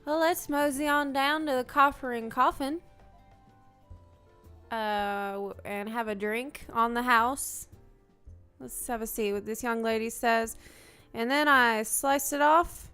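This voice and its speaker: Woman streamer, a touch high-pitched, wry deadpan humor, off-the-cuff game commentary over faint music. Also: a little slow, long pauses, clean tone. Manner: wry, playful, deadpan jokes. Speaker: streamer touring a game world.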